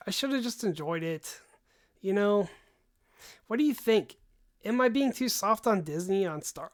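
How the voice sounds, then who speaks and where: Young male livestream host, rambling, animated, sighs often, voice wearing thin. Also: high voice. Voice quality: voice tiring, gives out after long talk. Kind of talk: casual livestream chat.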